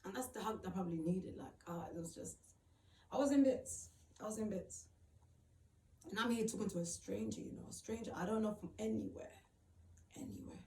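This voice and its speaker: A woman tells her own story in a halting, emotional way, often repeating herself and filling gaps with "like". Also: mid-range voice, expressive, a little mellow. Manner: halting, repeats phrases, many fillers. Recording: roomy, distant mic, faint background noise.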